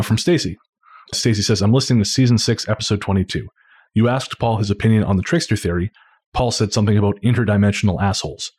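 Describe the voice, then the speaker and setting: A man co-hosting a podcast, casually reading listener letters aloud in a relaxed, halting way with frequent fillers. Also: lowish voice, slightly rough. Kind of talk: casual chat.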